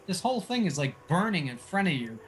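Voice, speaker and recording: A man narrating a tabletop game as dungeon master, halting and restarting often as he describes the scene. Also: high-pitched, very animated, crowd noise.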